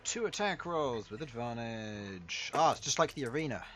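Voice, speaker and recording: A man's voice: medium pitch, expressive, normal speed, noisy background. A man narrating a tabletop game as dungeon master, laughing often as he goes.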